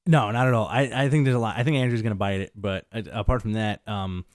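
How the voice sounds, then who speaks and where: A laid-back man with a lowish voice chats about comics on a podcast. He often chimes in with short agreements, in an easygoing casual tone. The recording is close and dry. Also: fairly even intonation, fast talker, no echo. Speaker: comic show co-host.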